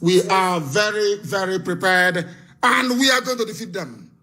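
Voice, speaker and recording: A man hosting a live call-in broadcast, speaking in forceful, repetitive oratory. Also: sits high, animated, moderate pace, a crowd in the background. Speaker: host.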